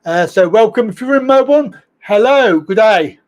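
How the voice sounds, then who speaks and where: A man's voice: high-pitched, expressive, normal speed. A man hosting a casual live stream show, chatty and rambling, greeting viewers and laughing at his own slips. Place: home studio, in Thailand.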